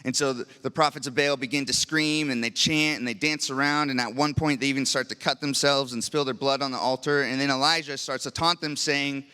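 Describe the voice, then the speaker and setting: A man's voice: mid-range voice, fairly even intonation, a little fast, hardly any pauses, pushed and bright, smooth. A young adult man preaching a sermon in a church, in a casual, conversational storytelling way. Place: church sanctuary. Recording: long church reverb.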